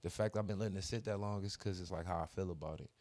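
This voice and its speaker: A man's voice: low-pitched, fairly even intonation, very fast, darkish tone. A man co-hosting a podcast in casual chat, telling a story with heavy cursing and slang. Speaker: podcast co-host.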